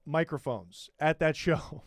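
A man's voice: on the high side, slow, no room sound, studio quality. A man hosting a comedy podcast, riffing in a profane, rambling and sarcastic way. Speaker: podcast host.

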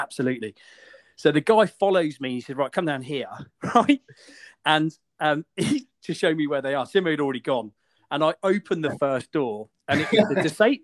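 A man hosting a podcast, telling a funny story in a casual, animated way and laughing often. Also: on the high side, no echo.

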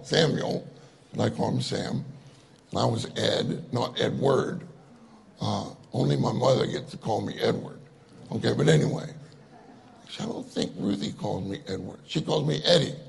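A man's voice: fairly high pitch, gravelly. A middle-aged man preaching a sermon, telling stories in a jovial way and laughing often. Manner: storytelling, jovial with frequent laughter.

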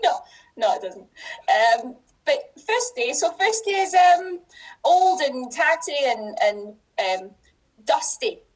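A woman's voice: high-pitched, very animated, slow, poor audio. A Scottish woman, a podcast guest and educator, chatting casually and laughing often as she trails off and restarts. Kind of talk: casual chat.

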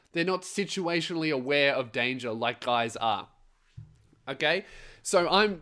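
A man's voice: on the high side, a bit bright. A man hosting a podcast, telling a story in a heated, blunt rant full of swearing. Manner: swearing, blunt and heated, acts out other voices. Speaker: podcast host. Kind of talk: ranting storytelling monologue.

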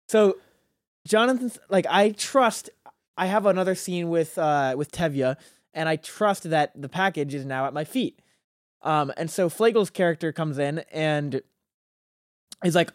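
A man's voice: on the high side, unhurried, no room sound, clean studio sound. A young man telling a rambling story in casual chat, laughing often and restarting his sentences. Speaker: guest.

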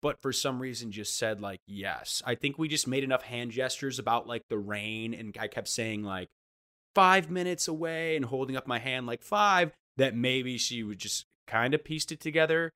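Male storyteller, lively and bright, acts out quotes, frequent restarts. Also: mid-range voice, fairly quick, few pauses. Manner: animated, acts out quoted voices, restarts often. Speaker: guest storyteller. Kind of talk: casual anecdote telling.

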